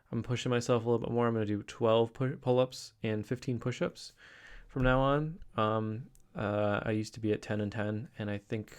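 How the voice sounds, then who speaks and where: A man's voice: fairly low pitch, creaky. Rambling, upbeat man vlogging. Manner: rambling, many restarts and fillers; upbeat, excited. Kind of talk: casual daily vlog.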